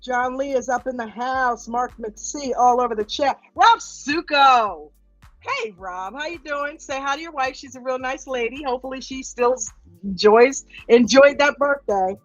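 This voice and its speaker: A woman's voice: high-pitched, a little slow, no room sound, soft background music. A woman hosting a casual live stream, upbeat and greeting viewers one by one. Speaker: livestream host. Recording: dull, lo-fi stream audio.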